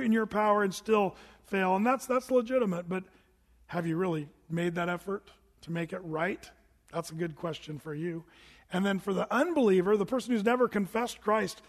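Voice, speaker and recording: A man's voice: sits high, fairly quick, long reverb tail. A pastor preaching a sermon to his congregation in a church, earnest and emphatic, often repeating himself for weight. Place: church sanctuary.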